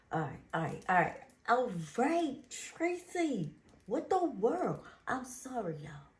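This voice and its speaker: A woman host, reading Bible verses in a casual faith talk, animated and emphatic, repeating phrases. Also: a little high, roomy sound. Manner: animated, emphatic, drawn-out repetitions. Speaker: show host.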